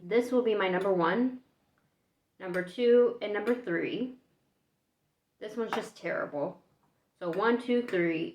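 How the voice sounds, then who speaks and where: Chatty woman vlogging in an echoey room. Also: medium pitch. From United States. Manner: chatty, thinking aloud while tasting. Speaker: food vlogger. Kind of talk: casual taste-test vlog. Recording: echoey room, dull lo-fi sound.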